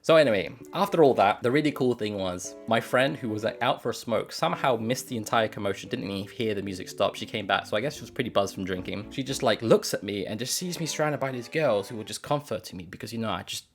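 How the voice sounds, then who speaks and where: A man's voice: on the low side, fast talker, hardly any pauses, faint music behind. Man casually retelling a story. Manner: loose, slangy retelling with swearing and acted-out quotes. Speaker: advice show host.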